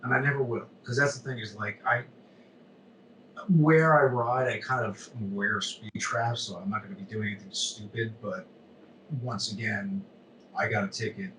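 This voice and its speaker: A man's voice: on the low side, fairly even intonation, normal speed, pushed and bright, slight background noise. A man from New Jersey as a podcast guest, talking candidly and laughing at his own mistakes. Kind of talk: casual podcast chat. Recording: roomy, distant mic with faint ambience.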